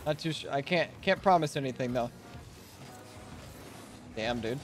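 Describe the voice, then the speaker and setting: A man streaming a game, chatting casually with rambling restarts and sudden excited outbursts. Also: medium pitch, measured pace, faint music behind. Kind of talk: casual live-stream gaming commentary.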